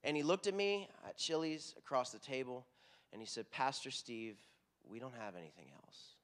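A man's voice: medium pitch, lively intonation, moderate pace, a bit bright. A middle-aged man with a Texan accent, a worship pastor preaching a sermon in a conversational, earnest, storytelling way.

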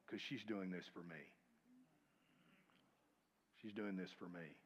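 A man preaching a sermon, swinging from loud, urgent calls to quiet near-whispers and calling on the congregation to repeat his lines. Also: sits low, slow pace, slight background noise. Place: church sanctuary. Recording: long reverb of a large hall.

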